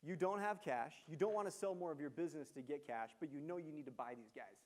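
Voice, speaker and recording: Guy telling startup stories to a lecture hall, lively and a bit high, asks the crowd questions. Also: fast talker. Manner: animated storyteller, engages audience with questions. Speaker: guest lecturer, entrepreneur. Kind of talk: university lecture, storytelling.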